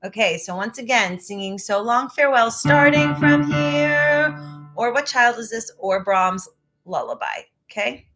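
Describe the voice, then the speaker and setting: A woman vocal coach teaching a live online ear-training lesson. She has a phlegmy throat that she clears often, and she breaks into short sung demo phrases. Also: fairly high pitch, animated, a little slow, fairly bright tone, faint music behind.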